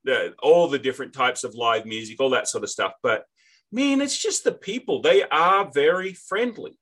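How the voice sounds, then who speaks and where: A man's voice: medium pitch, animated, normal speed, fairly bright tone. A man with an Australian accent hosting a casual interview, chatty and jokey. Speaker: podcast host.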